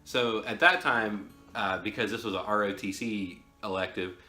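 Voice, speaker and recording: Bright-voiced man telling a story. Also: on the low side, moderate pace. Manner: rambling, chuckling. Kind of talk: casual storytime chat. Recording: roomy echo, faint music.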